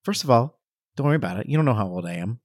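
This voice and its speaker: A male podcast co-host who rambles through self-deprecating stories in relaxed, casual banter. He is recorded close and dry, with no room echo. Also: mid-range voice, racing. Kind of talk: casual comedic chat.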